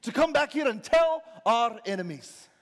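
A man's voice: very high-pitched, expressive, moderate pace. A man reciting, as a rebel warlord, a stirring battle speech to his troops with emphatic delivery. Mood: rousing. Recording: reverberant large hall.

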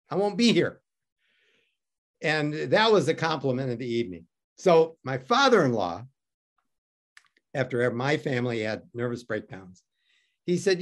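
A man from Detroit tells a story as an interview guest. He is wry and self-mocking and acts out each quoted line. His pitch rises and falls a great deal as he talks. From Detroit, USA. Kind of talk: animated storytelling.

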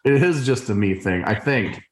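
A man's voice: medium pitch, lively intonation, moderate pace. A middle-aged man co-hosting a podcast over a video call, chatting casually in a playful, joking, stop-and-start way. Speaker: podcast co-host. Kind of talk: casual chat. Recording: roomy echo on video call.

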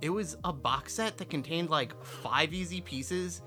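A man's voice: fairly high pitch, measured pace, bright, forceful tone, soft background music. A young man co-hosting a podcast, laid-back and defensive, laughing and using lots of fillers in casual banter. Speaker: podcast co-host.

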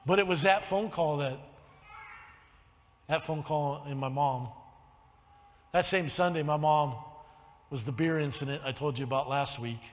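A man with a high-pitched voice preaches from the front of a church, sharing his own testimony. He drops to hushed, breathy confessions, then lifts into loud, soaring exhortation. The long reverb of the sanctuary trails every phrase. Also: a little slow, long pauses. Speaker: pastor. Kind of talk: sermon with personal testimony.

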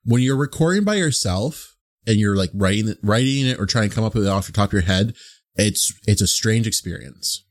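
A man chats as a player at a tabletop game. His pitch swings widely and lively as he talks. He rambles through his thoughts with loose, animated energy. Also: a little fast. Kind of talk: casual chat at a tabletop game.

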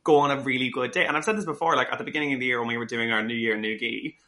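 Brisk, bright-toned man. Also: medium pitch, steady tone. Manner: chatty, wraps up the episode. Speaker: podcast co-host. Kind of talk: casual chat.

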